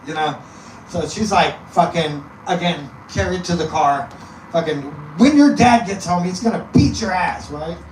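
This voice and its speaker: A man from East Texas, a comedy guest, tells a loose, swearing story with a fairly high voice. He chuckles at his own punchlines. The sound is roomy and picked up from a distance, with faint hiss behind. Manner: loose and rambling, laughs through punchlines. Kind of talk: profane comic storytelling. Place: live comedy venue. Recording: echoey room, mic at a distance, faint noise.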